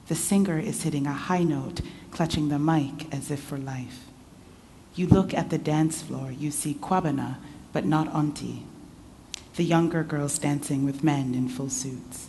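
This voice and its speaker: A woman author reading her fiction aloud at a festival in a measured, intimate voice. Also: low-pitched, mellow, slight background noise. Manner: measured, intimate second-person narration. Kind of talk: literary reading. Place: literature festival event.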